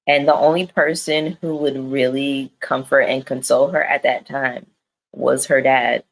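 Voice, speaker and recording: On a live stream, a woman reviews reality TV, speaking directly to her viewers in a frank, slangy, foul-mouthed way. Her voice is bass-deep and unhurried, with fairly even intonation, and the recording is rough.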